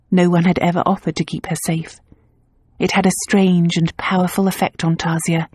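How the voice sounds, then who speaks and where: This low-voiced woman is an audiobook narrator reading a novel aloud from a script. Her delivery is even and measured, and the studio audio is clean with no echo.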